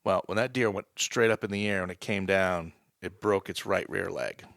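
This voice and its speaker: Gravelly man telling a hunting story. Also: low-pitched, normal speed, no room sound, clean studio sound. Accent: New England. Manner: animated hunting story, builds excitement. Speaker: guest, wildlife department staff. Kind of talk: storytelling in a podcast interview.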